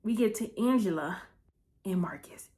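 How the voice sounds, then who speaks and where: A woman's voice: mid-range voice, expressive, mellow. Chatty woman recapping a movie. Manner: chatty storyteller, keeps checking in with "okay?"; breezy and playful, with asides and quick self-corrections. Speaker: vlog host. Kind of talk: casual chat movie recap.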